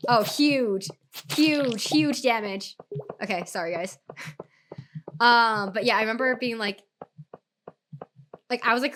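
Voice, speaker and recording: A young woman streaming a game and chatting casually, full of fillers, her voice rough from recovering from an illness. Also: fairly high pitch, noisy background. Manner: chatty, many fillers, animated retelling. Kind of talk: casual storytime while gaming.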